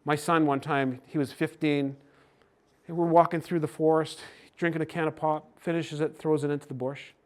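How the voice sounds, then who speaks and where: Older man telling gentle folksy stories. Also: fairly high pitch, level tone, normal speed. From Canada. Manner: folksy, gentle storytelling with acted quotes. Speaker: speaker on cultural mindfulness. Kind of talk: storytelling talk to a hockey team.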